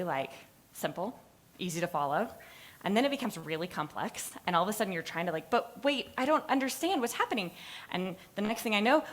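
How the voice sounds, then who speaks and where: Woman, class presentation, animated storytelling, mid pitch. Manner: animated storytelling, acting out moments; laughs at her own stories. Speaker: student presenter. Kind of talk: lively capstone presentation.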